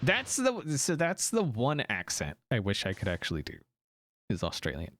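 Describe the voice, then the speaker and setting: A man's voice: mid-range voice, huge pitch swings, normal speed, a bit bright, no room sound. An American man streaming a game, chatting casually with viewers, rambling and correcting himself as he goes. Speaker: gaming streamer. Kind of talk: casual live-stream chat.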